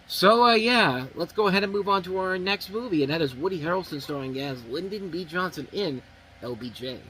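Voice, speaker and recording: A man's voice: high voice, lively intonation, fairly quick, pushed and bright, rough recording. A man reviewing movies in casual talk, blunt and rambling with many restarts.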